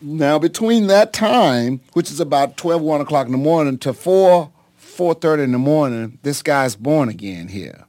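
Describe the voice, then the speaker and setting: A middle-aged man, a pastor, telling his life story in an interview in a dramatic, halting way, with many ums and sudden leaps in pitch. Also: expressive, darkish tone, dry recording. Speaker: pastor and singer, interview guest.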